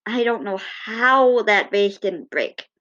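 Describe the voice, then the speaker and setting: A woman telling fond, gently humorous personal stories in a casual way. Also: medium pitch, animated, slow, highs cut off. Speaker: cat owner.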